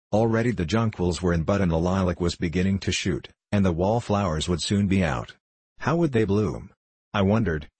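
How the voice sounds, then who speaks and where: A man narrates a novel in a calm, even manner. His voice sits very low and has a husky edge. The recording is dry and close. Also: dry recording. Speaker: audiobook narrator. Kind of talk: scripted narration.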